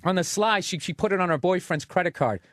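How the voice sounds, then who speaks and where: A man spinning a crude, lively comic anecdote into a studio mic. His voice sits high for a man, and the sound is close and dry with no room behind it. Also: quick pace, no room sound. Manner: profane, animated storytelling. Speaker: guest comedian. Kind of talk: comic anecdote on a talk radio show.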